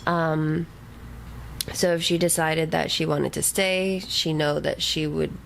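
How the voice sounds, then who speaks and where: A woman's voice: deep voice, little pitch movement, slow, gravelly, a little hiss or hum, low-quality recording. A woman co-hosting a casual book podcast, talking loosely and swearing freely. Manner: casual and profane, with frequent agreeing fillers. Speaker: podcast co-host.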